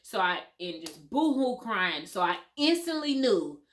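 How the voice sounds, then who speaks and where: A woman's voice: medium pitch, very animated, measured pace. A young adult woman, telling a personal story in a candid storytime vlog, swearing freely and calling her viewers y'all. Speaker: vlogger.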